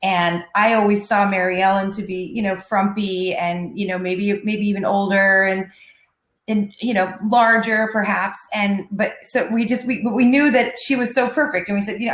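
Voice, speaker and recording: A woman's voice: mid-range voice, fairly even intonation, echoey room. A woman, a filmmaker, talking effusively about her film in a group Q&A on a video call. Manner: effusive, halting with many fillers. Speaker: filmmaker, producer and wardrobe designer.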